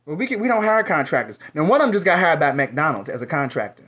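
A man's voice: on the high side, big pitch swings, quick pace, a bit bright. A man speaking to the camera in a sassy, profane, rambling casual monologue. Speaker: vlogger. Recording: dull lo-fi audio.

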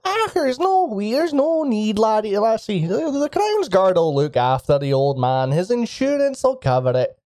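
A man's voice: high-pitched, sing-song, moderate pace, hardly any pauses, a little mellow, no room sound, studio quality, pitched above the performer's own voice. A man voicing a hunched, wrinkly old woman villager with a prim, scolding manner. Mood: soothing.

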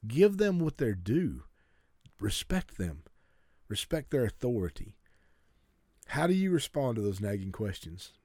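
A man's voice: on the low side, sing-song, unhurried, dark tone, no echo. Earnest preaching man, dry sound. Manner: earnest exhortation with stammered restarts. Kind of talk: sermon.

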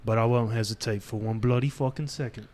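A calm, hardened thief who talks tough in slangy mock British , as a man puts him on for laughs. The voice sits in an ordinary middle pitch and stays measured. It plays as a jokey screen read rather than a polished performance. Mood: menacing. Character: cool, hardened male career thief, calm and blunt.

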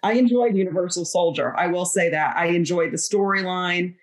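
A woman guest with a fairly low voice jokes in casual podcast banter. She keeps a deadpan, mock-earnest delivery. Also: brisk.

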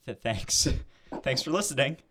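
A man's voice: medium pitch, expressive, a little slow. A young man co-hosting a casual history podcast, joking and laughing as he chats. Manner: laughing, playful banter. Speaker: podcast co-host. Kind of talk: casual chat.

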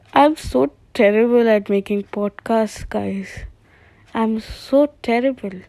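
A woman's voice: on the high side, gravelly, mellow. A young woman who hosts a casual, rambling comedic podcast monologue and laughs at her own jokes.

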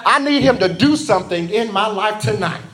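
A man's voice: high-pitched, expressive, normal speed, fairly bright tone, voice pushed up. A man preacher voicing a desperate blind beggar man who pleads earnestly to be healed. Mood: pleading.

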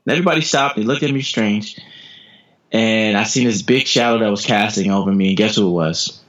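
An American man in his thirties, a sprinter telling motivational stories as a podcast guest, energetic, repeating his words and laughing often. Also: on the low side, brisk. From United States. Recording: dull lo-fi podcast audio.

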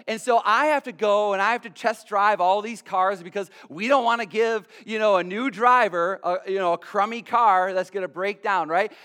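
A man preaching a sermon as a pastor, telling a story in an animated way and often stammering and repeating his words. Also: high voice, moderate pace, hardly any pauses, clean tone.

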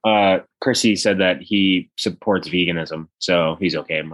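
A man co-hosting a podcast, chatting casually and retelling TV scenes with squeaky put-on voices. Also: unhurried, a bit bright, highs cut off. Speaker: podcast co-host. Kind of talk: casual chat.

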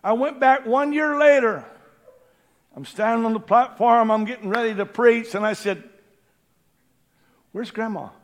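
A man preaching a sermon in a church, impassioned, swinging from hushed tones to shouting. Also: very high voice, moderate pace. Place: church building during a service.

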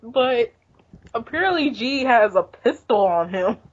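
A woman's voice: fairly high pitch, animated, unhurried, slightly rough, muffled recording. A young woman co-hosting a casual podcast, rambling through a manga recap and laughing often. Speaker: podcast co-host.

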